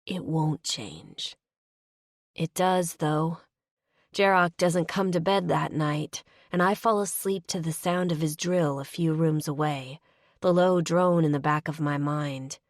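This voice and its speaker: A woman narrating a first-person romance audiobook in a measured, emotional way on a close studio mic. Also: low voice, fairly even intonation, no room sound.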